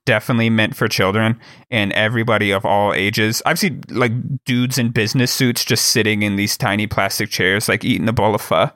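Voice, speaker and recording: A man's voice: fairly low pitch, fairly bright tone, no room sound, studio quality. A young man from Wyoming, co-hosting a podcast and telling stories in casual chat, rambling with many fillers and restarts. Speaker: podcast co-host.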